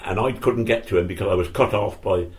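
A man's voice: on the low side, fast. An older man telling old stories in a rambling, self-correcting way during an interview. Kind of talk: reminiscing oral history.

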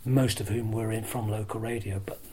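An older man, a former rugby broadcaster, tells lively anecdotes as an interview guest, acting out crowd shouts and staying chatty and self-deprecating, with restarts. His voice is fairly low and fairly quick. The recording is rough, with a little hiss or hum.

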